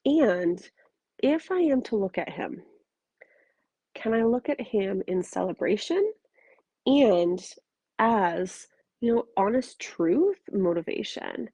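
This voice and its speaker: Husky, gravelly woman podcast host. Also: mid-range voice, big pitch swings, slow pace, long pauses, dark tone, no echo. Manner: frank, emphatic, swears freely. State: tired. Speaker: podcast host and relationship coach. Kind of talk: casual solo podcast monologue. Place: bedroom, curled up in bed.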